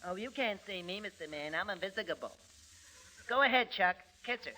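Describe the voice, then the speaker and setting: A man voicing a mischievous little boy playing Cupid in a 1940s radio comedy, with a high childlike voice. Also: expressive, moderate pace, pushed and bright, rough recording. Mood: stubborn. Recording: hissy old radio recording.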